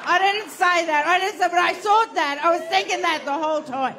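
A woman's voice: extremely high pitch, a little fast, few pauses, crowd noise, background noise. A woman telling a brash, profane stand-up story and laughing through her punchlines. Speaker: comedian.

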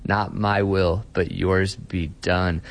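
A man's voice: low voice, level tone, slow pace, slight background noise. A man who is a pastor, talking earnestly in an interview and often repeating words as he starts a sentence. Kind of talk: conversational interview.

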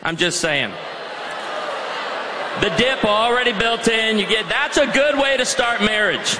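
Casting note: lively man in his 40s, high crisp voice, comic storyteller, reverberant hall. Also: measured pace, pauses often, crowd noise, noisy background. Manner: energetic storytelling, puts on voices for jokes. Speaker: guest speaker. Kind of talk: humorous marriage talk to students. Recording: hall reverb with faint ambience.

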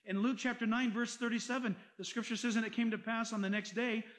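A male pastor with a strikingly high-pitched voice for a man. He preaches emphatically, reading scripture aloud and pressing his listeners with animated rhetorical questions. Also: fast talker, rough recording. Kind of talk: sermon.

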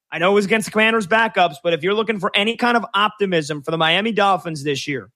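A man hosting sports talk radio, chatty and joking, quick to slip into impressions. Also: high-pitched, bright, forceful tone.

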